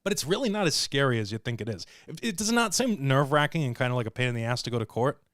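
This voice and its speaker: A smooth, clear-voiced man tells a long story to his livestream viewers. He jokes, swears freely and acts out the other people's lines, and the sound is dry and close. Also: medium pitch, racing, no echo. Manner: animated, profane, joking. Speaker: show host.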